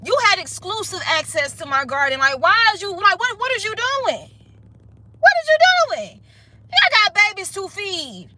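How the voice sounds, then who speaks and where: An indignant woman whose garden has been raided barks out exasperated, profane questions in a high, piercing voice, as a woman puts her on. She is loud and sharp-edged, and her voice leaps up well above normal talk. She is yelling throughout. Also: big pitch swings, a little slow, distant mic, heavily acted, poor audio. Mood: outraged.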